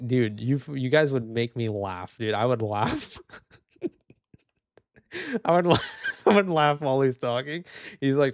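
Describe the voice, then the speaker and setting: A man's voice: mid-range voice, clear, resonant tone, no room sound. A young man streaming live, making casual commentary as he reads posts and keeps laughing and saying "dude". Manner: laughing, mocking, says dude a lot.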